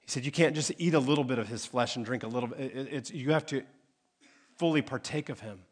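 Talking straight to his congregation, this pastor delivers his sermon fast and at medium pitch. His tone is conversational, rising to emphatic highs and dropping into hushed asides.

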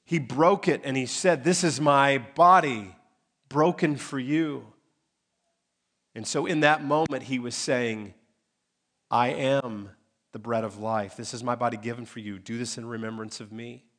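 A male pastor preaching a sermon, landing on key phrases with emphatic pauses. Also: mid-range voice, fairly even intonation. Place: church sanctuary.

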